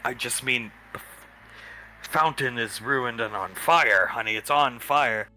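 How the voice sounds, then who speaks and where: A man playing in a tabletop game, talking in an animated way with sudden shouts and curses. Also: medium pitch, unhurried, slight background noise. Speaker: player. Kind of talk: tabletop role-play.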